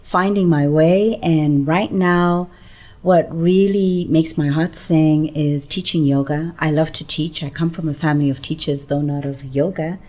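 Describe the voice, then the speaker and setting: A middle-aged woman from Zambia, a yoga teacher introducing herself as a studio guest in a warm, earnest way. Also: low-pitched, fairly even intonation, a little slow. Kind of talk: casual self-introduction.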